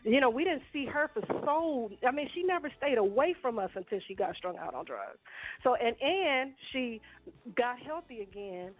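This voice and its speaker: A woman tells family stories on a call-in show, and her voice comes through a thin, tinny phone line. It sits fairly high for a woman, and she acts out what her relatives said in animated bursts. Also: normal speed, faint music behind. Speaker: guest. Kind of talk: call-in radio storytelling.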